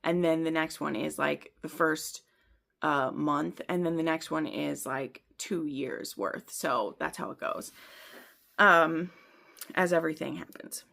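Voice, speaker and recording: A woman's voice: sits low, measured pace, gravelly, fairly bright tone. A woman hosting a book channel, talking through her reading in a chatty, rambling way with lots of fillers. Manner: laughs at herself often. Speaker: book vlogger. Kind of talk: casual book review chat.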